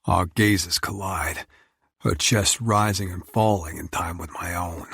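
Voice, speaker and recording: A man narrating a first-person romance audiobook in an intense, measured, brooding way. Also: low voice, fairly even intonation, gravelly, fairly bright tone, husky, no room sound, clean studio sound.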